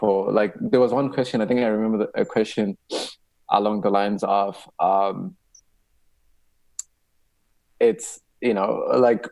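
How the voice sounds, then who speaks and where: A young man from South Africa, a podcast guest who tells stories in an animated way, acting out dialogue. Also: fairly low pitch, a little slow, creaky, pauses often, dry recording. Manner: animated, acts out dialogue, laughs often. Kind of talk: casual interview storytelling.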